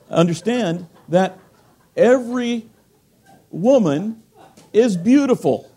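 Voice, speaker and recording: High, emphatic man preaching a sermon. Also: breathy edge. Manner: emphatic, swinging from loud bursts to quiet asides.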